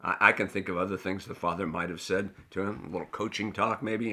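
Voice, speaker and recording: Bright-voiced man preaching a sermon. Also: sits low, fast. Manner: earnest, storytelling preacher with lively emphasis. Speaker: pastor.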